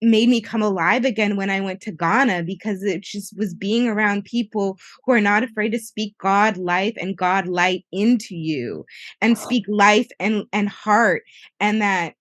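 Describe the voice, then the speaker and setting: A woman's voice: medium pitch, a little slow, no room sound, clean studio sound. A young woman co-hosting a podcast in casual chat, earnest and heartfelt, often restarting her sentences. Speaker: podcast co-host.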